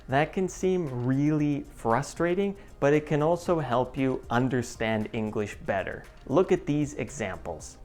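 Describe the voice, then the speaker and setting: A woman teaching English in a scripted lesson, taking her time over each word. Her explanations are clear and deliberate. Soft music plays faintly beneath her voice. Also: very deep voice.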